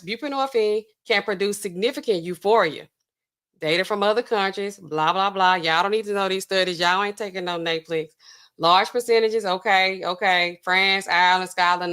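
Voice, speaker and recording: A woman's voice: mid-range voice, sharp tone. A woman hosting a casual pharmacy commentary, reading drug documents aloud and checking in with "okay?" constantly. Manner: peppers talk with "okay?", skims and reads documents aloud. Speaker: pharmacist host.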